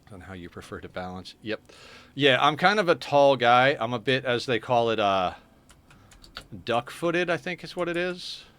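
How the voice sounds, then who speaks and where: Guy streaming a game, just chatting with his viewers, regular mid-pitched voice. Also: big pitch swings, moderate pace, fairly bright tone, clean tone. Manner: chatty, answers viewer chat while playing. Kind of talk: casual live-stream chat.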